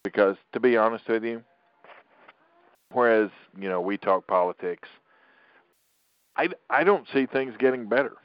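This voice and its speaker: A man's voice: on the low side, normal speed, long pauses, smooth, dry recording, dull audio. A middle-aged man hosting a political podcast, talking in an opinionated, rambling way with frequent restarts. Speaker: podcast host.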